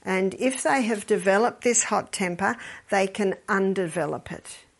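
An older woman speaks at an ordinary middle pitch. She talks casually and tells stories, slipping into the voices of the people she quotes. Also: unhurried, creaky. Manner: storytelling, acts out quoted voices, quotes scripture. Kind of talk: casual advice talk.

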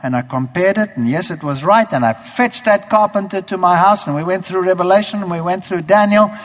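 A man's voice: high voice, brisk. A man from Germany giving a spoken religious testimony, acting out his own past thoughts as he tells the story. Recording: hall reverb.

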